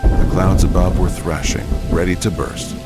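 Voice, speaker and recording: Deep-voiced male drama narrator. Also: fairly even intonation, moderate pace, over loud music. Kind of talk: scripted audio drama narration.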